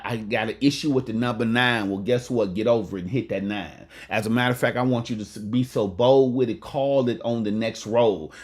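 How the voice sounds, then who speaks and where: A man giving a preacherly motivational talk, often asking listeners to talk back and repeating lines for emphasis. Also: medium pitch. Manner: call-and-response, repeats lines for emphasis, says "amen" often; colloquial Southern Black church cadence with dice-game slang. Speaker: motivational speaker and pastor.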